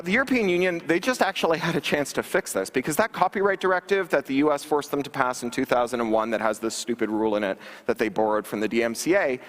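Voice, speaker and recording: A man's voice: mid-range voice, fairly bright tone. A man giving a conference keynote talk, emphatic and wry, with sarcastic asides, recorded from a livestream on a large stage. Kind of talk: public lecture. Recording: reverberant hall livestream capture.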